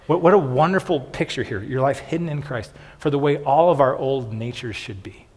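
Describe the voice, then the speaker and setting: A man's voice: medium pitch, fairly quick, a little mellow, husky, in a large hall. A man preaching a sermon as pastor, earnest and repetitive, often restarting words and saying "okay" between points.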